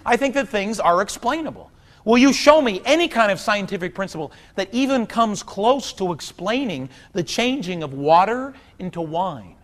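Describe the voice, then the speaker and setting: A man in his thirties doing stand-up comedy on a theater stage, talking wryly and conversationally, then breaking into loud outbursts. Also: high-pitched, animated, normal speed. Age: 30s. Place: theater stage before a large audience. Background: audience laughter.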